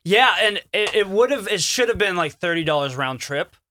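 A man's voice: high-pitched, expressive, moderate pace, bright, forceful tone. A man co-hosting a radio show, explaining himself sheepishly in casual banter.

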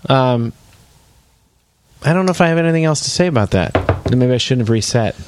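A man's voice: mid-range voice, brisk, noisy background. A man co-hosting a comedy podcast, improvising and steering the bits like a host. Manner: animated, resets scenes like a show host.

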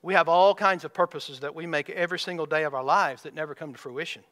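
A man's voice: on the high side, fairly even intonation, fast, bright, forceful tone. A man preaching a sermon as a pastor, stretching out key words and firing rhetorical questions at his congregation. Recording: hall reverb.

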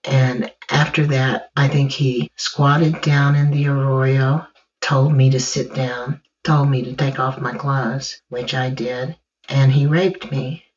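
Slow, measured woman recounting her ordeal. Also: rumbling low, fairly even intonation. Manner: slow, measured, halting in places. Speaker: survivor telling her story. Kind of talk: first-person recollection. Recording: dull distant recording with faint music.

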